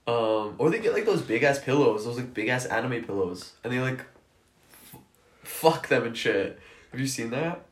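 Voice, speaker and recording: A man's voice: medium pitch, animated, normal speed. A young man in casual chat, crude and joking, laughing often. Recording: echoey room.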